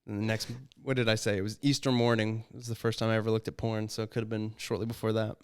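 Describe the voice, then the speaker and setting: A man's voice: on the low side, little pitch movement, fast talker, clear, resonant tone. A young adult man co-hosting a podcast, telling irreverent jokey stories in casual chat. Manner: joking, irreverent storytelling. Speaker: podcast co-host.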